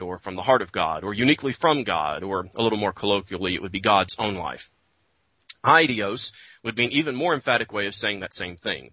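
A man delivering a formal debate rebuttal in a fairly low but bright, forceful voice. He reads a prepared scholarly argument at a measured, deliberate pace. The sound is dry and close. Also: no room sound, low-quality recording.

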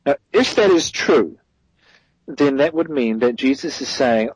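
A man's voice: mid-range voice, expressive, measured pace, husky, dry recording, poor audio. A man as a guest theologian, giving a thoughtful explanatory answer in an interview, correcting himself as he goes and stressing key points.

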